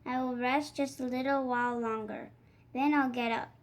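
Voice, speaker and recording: A woman's voice: high voice, steady tone, normal speed, natural voice. Lazy grumbling groundhog, a woman reading. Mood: sleepy. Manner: drowsy, grumbling. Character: lazy sleepy grumpy male groundhog. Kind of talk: storybook read-aloud.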